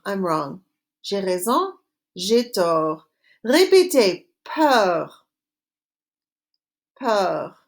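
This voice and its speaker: A woman teaching a recorded French lesson, modeling phrases slowly and clearly for students to repeat. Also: medium pitch.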